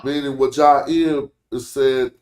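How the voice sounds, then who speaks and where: A man's voice: mid-range voice, fairly even intonation, slow, darkish tone. A man hosting a casual live-stream lesson, explaining points conversationally and thinking aloud. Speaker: language teacher, stream host. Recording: roomy echo.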